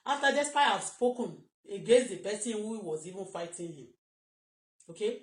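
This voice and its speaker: Speaking into a phone in an echoey room, a woman with a Nigerian accent rambles agitatedly during a live stream, repeating herself and switching into Yoruba at times. Her mid-range voice has lively intonation and runs a little fast in this emotional monologue.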